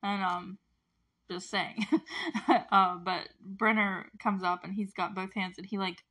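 A woman casually recapping a TV episode, chatty and animated, with lots of fillers and asides. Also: medium pitch, measured pace. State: close to tears at moments. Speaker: show recap host.

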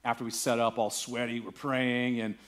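A man's voice: medium pitch, little pitch movement, normal speed, a bit bright. A male pastor preaching a sermon, telling a story casually and building to emphatic preaching. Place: church.

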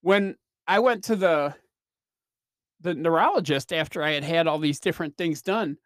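A man's voice: fairly high pitch, moderate pace, a bit bright, dry recording, studio quality. A man hosting his own podcast, telling rambling, self-deprecating stories in a casual solo chat with lots of fillers. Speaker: podcast host.

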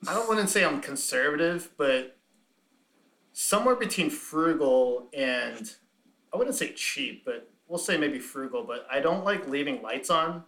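A man's voice: on the high side, expressive, a little slow, fairly bright tone, reverberant. A man hosting a casual chat, rambling and laughing often.

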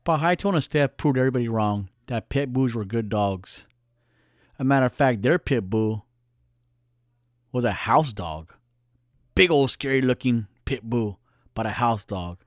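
A man's voice: mid-range voice, unhurried, long pauses, no room sound, clean studio sound. A male podcast host talking alone in a casual, earnest, reflective way, repeating phrases for emphasis. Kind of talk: casual solo monologue.

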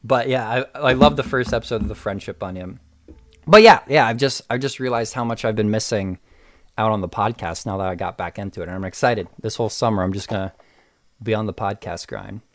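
A man's voice: fairly low pitch, fairly quick, no room sound. A young man co-hosting a podcast, chatting casually and rambling with frequent restarts. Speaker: podcast co-host. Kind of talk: casual chat.

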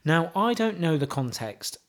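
Male co-host, scornful and jokey, very expressive delivery. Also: fairly high pitch, normal speed. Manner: mocking, laughs often, reads lyrics aloud with scorn. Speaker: podcast co-host. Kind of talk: casual chat.

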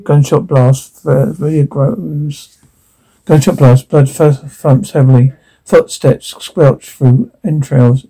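A man's voice: mid-range voice, steady tone, slow pace, mellow, slightly rough, low-quality recording. A man reading a drama scene aloud, its sounds and dialogue, with stumbles and restarts as he goes.

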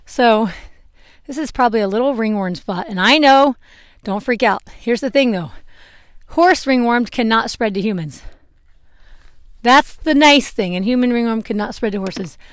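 A young woman talks casually as she grooms her horse outdoors, wandering from topic to topic and chuckling at her own stumbles. Her voice sits a little high, and a clip-on mic keeps it close and dry. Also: dry recording. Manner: chatty, rambling, laughs at her own slips. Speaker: horse owner and vlogger. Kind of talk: casual chat while grooming. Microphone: clip-on microphone.

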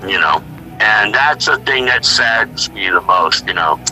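A middle-aged man speaks in a low, very sharp and tense voice. He tells stories in a lively, blunt way during an interview, acting out the lines of other people. Soft music plays faintly behind him. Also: unhurried, poor audio. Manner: animated storyteller, acts out quotes, swears freely. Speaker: musician guest. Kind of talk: casual interview talk.

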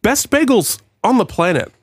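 A man with a Boston accent co-hosting a podcast, chatting casually in an animated, jokey way and laughing easily. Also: sits high, normal speed, breathy edge. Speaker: podcast co-host.

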